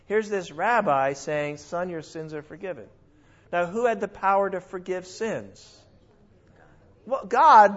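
Male Bible teacher, high voice, animated with sudden exclamations and self-corrections, dull lo-fi recording.

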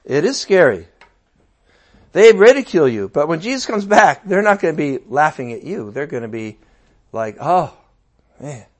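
A male preacher with a high voice that leaps up and down as he talks. He keeps the sermon casual and chatty, throws in playful asides and bursts out loudly to make a point. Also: moderate pace. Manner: animated and conversational, with playful asides and sudden outbursts.

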